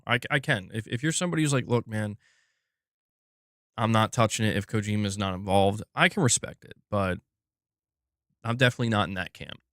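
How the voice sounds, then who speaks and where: Young male streamer, loose rambling chat with the audience; lower register, recorded dry and close. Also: a bit bright, dry recording. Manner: rambling, restarts often, calls chat "dude" and "bro". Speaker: livestream host. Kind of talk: casual livestream chat.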